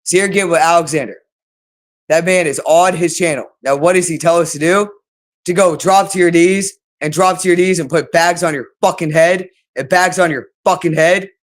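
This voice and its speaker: A woman's voice: lowish voice, moderate pace. A woman hosting her own channel, ranting unscripted to camera in an agitated, repetitive way with heavy swearing. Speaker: channel host.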